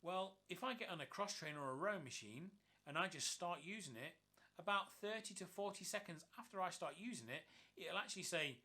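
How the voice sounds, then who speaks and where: Upbeat man, bright forceful voice. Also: sits high, animated, a little fast. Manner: enthusiastic, upbeat. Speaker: tech reviewer. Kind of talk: product review walkthrough.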